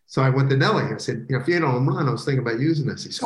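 A middle-aged male baseball broadcaster from the Philadelphia area, telling stories in a casual interview and breaking into loud catchphrases. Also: medium pitch, racing. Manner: animated storyteller who bursts into loud catchphrases. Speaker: baseball play-by-play broadcaster, guest. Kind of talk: casual podcast interview storytelling. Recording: roomy echo.

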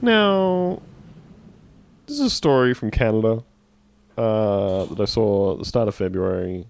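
Low-voiced man reading news with jokes. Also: expressive, unhurried, creaky, a little mellow, a little hiss or hum. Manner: reads news aloud with jokey asides and laughs. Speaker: podcast co-host reading news stories. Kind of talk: casual comedic chat.

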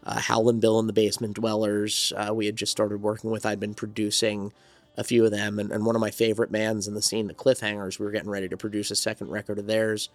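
Male interview guest from New Jersey, lower register, loose reflective storyteller; dry close recording. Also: monotone, fast talker, no echo. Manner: rambling, reflective storytelling with many restarts. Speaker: songwriter and studio owner, interview guest. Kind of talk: casual interview conversation.

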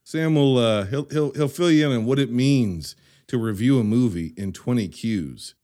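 A man's voice: mid-range voice, moderate pace, warm tone. An American man hosting a podcast, joking in playful mock-clueless banter with his guest. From United States. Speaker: podcast host. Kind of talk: casual chat.

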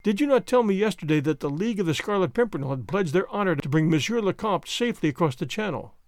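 A man voicing an elderly diplomat who speaks sadly and gravely. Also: high-pitched, animated, no echo, studio quality. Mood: gentle. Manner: sad, measured. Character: old grave male diplomat.

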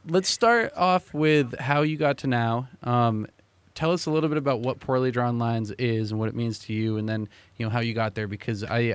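A man's voice: medium pitch, smooth, no echo. A man co-hosting a casual podcast, bantering loosely and joking with his partner before leading an interview. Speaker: podcast co-host.

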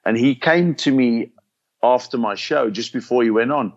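An older man with a South African accent, a comedian telling lively anecdotes in an interview and acting out the lines he quotes. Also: medium pitch, moderate pace. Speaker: comedian guest. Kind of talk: storytelling interview chat. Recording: slightly dull lo-fi sound.

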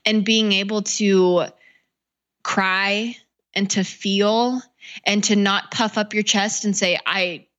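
A woman coach talking casually in an interview, animated and full of filler words, acting out quotes in little voices. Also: mid-range voice, slow pace, highs cut off. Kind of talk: podcast interview.

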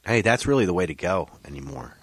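A man's voice: sits low, quick pace, a little hiss or hum. A man co-hosting a podcast in casual chat, ranting with lots of swearing. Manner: profane, animated ranting. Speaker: podcast co-host. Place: podcast studio.

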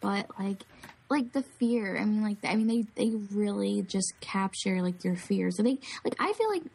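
A woman's voice: mid-range voice, animated, normal speed, gravelly, darkish tone, husky, poor audio. A young woman co-hosting a podcast, telling a story animatedly with lots of filler words. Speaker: podcast co-host. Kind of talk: casual chat, storytelling.

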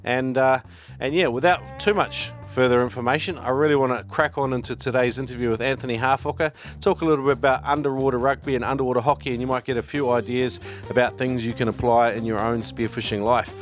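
A man from New Zealand hosts a casual podcast interview at a mid pitch, chatty and loose, stumbling through restarts. Faint music sits underneath. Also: fast talker. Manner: relaxed and chatty, with frequent ums and restarts. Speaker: podcast host.

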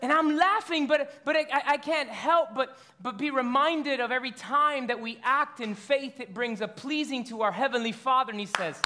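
A man in his thirties preaching a sermon as pastor, animated and storytelling, often stumbling and repeating words. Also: very high-pitched, moderate pace, hardly any pauses, a little hiss or hum.

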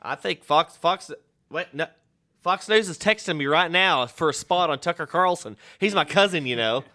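Man, podcast host, smooth resonant voice, loose rambling jokey banter. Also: on the high side, lively intonation, normal speed, bright, forceful tone. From Texas. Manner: joking, rambling, self-interrupting.

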